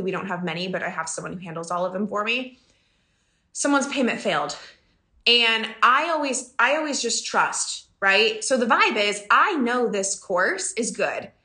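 A woman's voice: mid-range voice, sharp tone. A woman business coach talking casually to her audience, chatty and emphatic, often laughing. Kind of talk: casual podcast talk. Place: home in the country.

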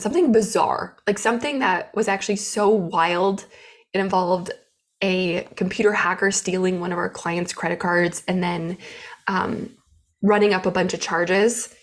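A woman who runs her own business, talking openly and emotionally about setbacks in a candid personal vlog. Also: mid-range voice. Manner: open, emotional, animated storytelling. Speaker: business owner.

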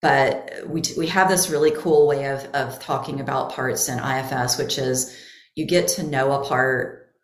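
A woman on a podcast, a therapist explaining inner parts in a slow, thoughtful way. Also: a bass voice, steady tone, roomy sound. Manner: explaining slowly with therapy terms. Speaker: guest therapist. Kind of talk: podcast conversation.

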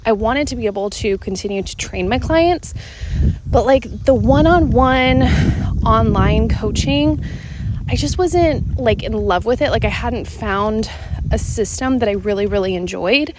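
Out walking in the evening, this woman from Seattle, Washington, records her solo podcast, a bit winded as she moves. She's a fitness coach who chats in a rambling way, sprinkling "like" throughout, in a slightly high, unhurried voice over background noise.

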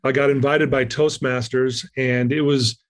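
A man telling a personal story in a conversation, lively and acting out the lines of people he quotes. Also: medium pitch, unhurried. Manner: animated, acts out quoted lines. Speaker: guest speaker.

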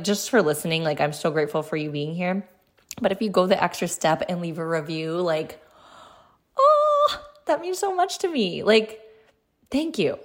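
Chatty young mother hosting a podcast. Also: on the low side. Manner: chatty, earnest and encouraging, many fillers. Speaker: podcast host. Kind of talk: solo podcast chat.

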